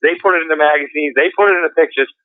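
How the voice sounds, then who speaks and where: A man's voice: fairly high pitch, racing. A man in the middle of a rambling story, full of fillers and restarts. His voice comes through a tinny, narrow phone line with no room echo at all. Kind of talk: casual storytelling.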